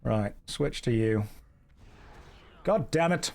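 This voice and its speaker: A man with a British received pronunciation accent, chatting casually as a streamer during a game with dry, deadpan jokes. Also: medium pitch, takes it slowly, gravelly.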